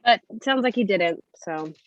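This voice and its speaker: A woman co-hosting a casual livestream, musing calmly and hedging her opinions. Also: medium pitch, moderate pace, slight background noise. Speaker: podcast co-host. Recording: dry, muffled lo-fi audio.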